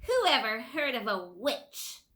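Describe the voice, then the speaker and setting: Shrill, wheedling old hag, sly and fawning, high and slow, read by a woman. Storybook villain. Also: very animated, bright, forceful tone, heavily acted. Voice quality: shrill, whining. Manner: wheedling, drawn-out.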